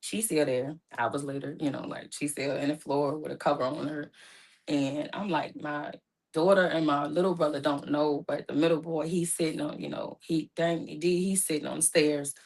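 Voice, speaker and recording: A woman recounting a painful personal story in casual, informal speech, her voice rising high and loud when distressed. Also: fairly even intonation, normal speed. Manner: speaks casually with informal phrasing. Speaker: guest telling her story.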